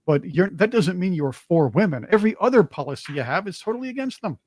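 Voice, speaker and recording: A man's voice: high-pitched, very animated, quick pace, darkish tone, dry recording. A man co-hosting a political talk show, speaking in an emphatic, mocking way and often repeating his words. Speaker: co-host. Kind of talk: casual political chat.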